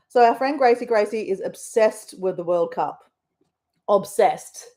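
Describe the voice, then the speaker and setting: Warm in tone and medium in pitch, an Australian woman unhurriedly chats with her viewers. As host of a casual live stream, her talk drifts from topic to topic.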